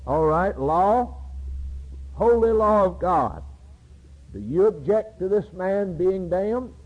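Preacher voicing God, stern judge, husky and raised, lo-fi. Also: male voice, sits high, expressive, takes it slowly, pitched above the performer's own voice, heavily acted. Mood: solemn, questioning.

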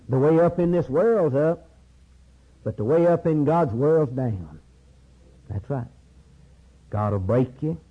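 A man preaching a sermon in a repetitive cadence, swinging between low murmurs and high, urgent cries. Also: husky. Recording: dull lo-fi sermon recording.

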